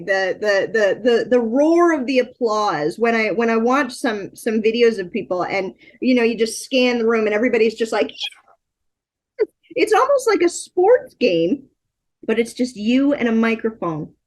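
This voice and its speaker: A woman with a fairly high voice hosts a casual interview show. She gushes with enthusiasm and swears freely. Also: expressive, unhurried. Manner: enthusiastic, gushing, profane. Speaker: podcast host.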